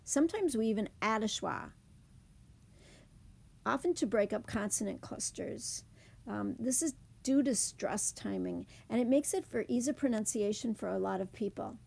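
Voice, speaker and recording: Woman, teacher, phonics lesson, careful word-by-word demonstration, gravelly tone. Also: mid-range voice, animated, darkish tone. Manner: clear, deliberate demonstration of words.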